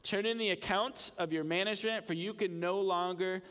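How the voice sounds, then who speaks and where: A man's voice: high-pitched, fairly even intonation, normal speed, a bit bright, long reverb tail. A man voicing a wealthy master who bluntly scolds and fires his manager. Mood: scolding.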